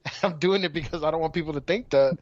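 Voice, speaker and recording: A man's voice: on the high side, racing. A man in casual podcast chat, blunt and swearing freely. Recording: dull lo-fi audio with faint noise.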